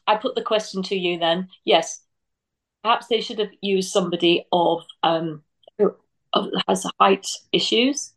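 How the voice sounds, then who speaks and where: A woman's voice: medium pitch, low-quality recording. Brief: female actress panelist from England, frank, restarts often. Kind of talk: casual chat.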